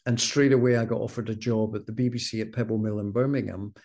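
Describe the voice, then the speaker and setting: A middle-aged Scottish man, a former broadcast announcer, telling stories with wry self-deprecating humour in a relaxed interview. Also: fairly low pitch, quick pace. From Scotland. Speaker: former television continuity announcer, guest.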